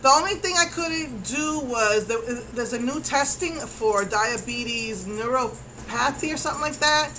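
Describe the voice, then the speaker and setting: A woman vlogger casually retelling her day in a rambling, animated way with many fillers. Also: on the high side, measured pace, faint music behind, low-quality recording. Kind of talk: casual storytelling vlog.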